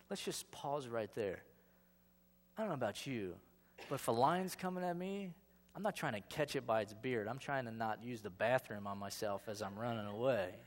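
A man's voice: mid-range voice, animated, moderate pace. Jokey man teaching in an echoing hall. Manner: joking, conversational, quizzes the audience. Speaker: Bible teacher. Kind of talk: casual Bible lesson to a group. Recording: long hall reverb.

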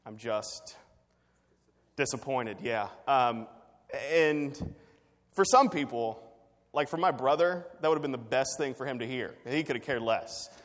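A man's voice: medium pitch, normal speed, fairly bright tone, long reverb tail. A man preaching a sermon, telling a personal story in a conversational way with fillers and restarts. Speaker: pastor.

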